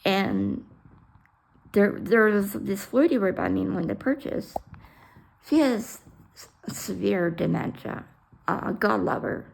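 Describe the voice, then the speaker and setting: A woman with a mid-range voice and a gravelly, creaky edge recounts her own story. She talks bluntly and swears freely, acting out the dialogue and jumping between hushed asides and loud outbursts. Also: medium pitch, sing-song, takes it slowly, pauses often, slight background noise. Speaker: storyteller sharing her life. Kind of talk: emotional personal storytelling.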